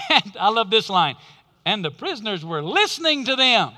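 A male pastor preaching a sermon with emphatic delivery and dramatic pauses. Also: high-pitched, big pitch swings, pushed and bright. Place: church sanctuary. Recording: long reverb of a large hall.

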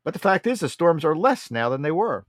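A man's voice: fairly high pitch, big pitch swings, brisk, slight background noise. A man hosting a political talk show, delivering a blunt, mocking monologue and often calling his listeners folks.

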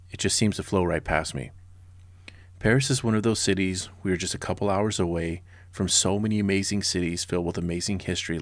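Deep-voiced sarcastic history narrator. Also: male voice, no echo, clean studio sound. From Southern California. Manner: sarcastic and blunt, with casual personal asides. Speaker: podcast host.

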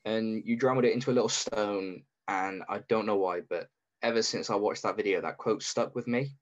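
A man's voice: lowish voice, moderate pace. Young British man on muffled audio. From Britain. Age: 20s. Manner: hesitant, reflective, many "um"s. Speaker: podcast guest. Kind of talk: casual podcast chat.

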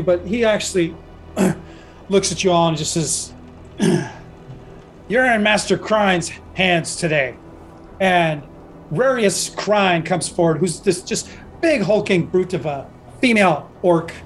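A man with a high-pitched voice narrates a tabletop pirate game as game master, rambling loosely and circling back on his words. Faint music plays underneath. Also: poor audio. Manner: rambling, full of fillers and restarts.

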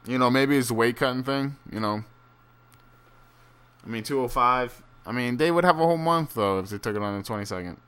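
A man's voice: mid-range voice, a little fast, fairly bright tone, smooth. A man rambling through a casual, profane solo monologue with many fillers and restarts, turning incredulous and ranting at times. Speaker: solo fight commentator.

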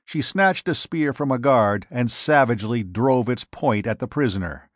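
A man reading a pulp adventure aloud as narrator, with a measured, dramatic delivery. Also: medium pitch, expressive, no room sound, clean studio sound. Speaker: audiobook narrator. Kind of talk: scripted narration.

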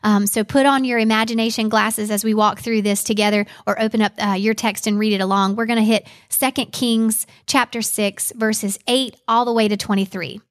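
A woman teaching a podcast Bible study, reading scripture aloud in an earnest, measured way. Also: medium pitch, fairly even intonation.

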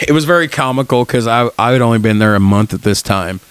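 A man's voice: mid-range voice, a little fast, a bit bright, clear, resonant tone, no echo. A man in his thirties co-hosting a podcast in casual chat, joking and rambling, often slipping into voices to tell a story. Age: 30s. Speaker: podcast co-host.

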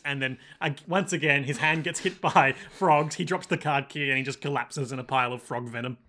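A man's voice: mid-range voice, steady tone, sharp tone. A man casually recapping an anime with a friend, laughing often and acting out lines. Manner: laughs often, quick asides, acts out lines.

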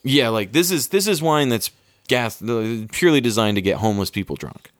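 A man's voice: medium pitch, big pitch swings, fairly quick, dry recording, clean studio sound. A man hosting a casual quiz game among friends, talking in a laid-back, hesitant way with lots of fillers and casual swearing. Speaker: quiz host. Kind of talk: casual podcast chat.

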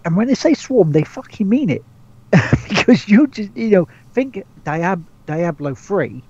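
A man's voice: sits high, sing-song, unhurried, darkish tone, breathy edge, lo-fi sound. A man co-hosting a gaming podcast, rambling casually, stumbling over repeated words and swearing freely. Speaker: podcast co-host.

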